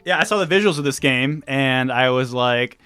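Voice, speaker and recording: A man's voice: medium pitch, expressive, normal speed, sharp tone, clear, resonant tone, no room sound, faint music behind. A man co-hosting a casual gaming podcast, laid-back and chatty. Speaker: podcast co-host. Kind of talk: casual chat.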